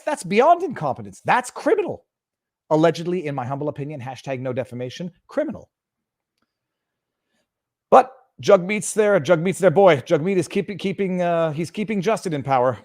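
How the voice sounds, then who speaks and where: A man's voice: high-pitched, darkish tone. A man hosting a political livestream, heated and sarcastic, building to outraged emphasis and then reading viewer chats. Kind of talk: impassioned political rant on a livestream.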